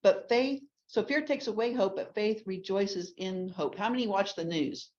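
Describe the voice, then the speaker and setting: A woman's voice: medium pitch, moderate pace, a little mellow, a little hiss or hum. A woman from Texas, teaching a ladies' Bible class in a chatty way full of restarts and asides. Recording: dull lo-fi recording.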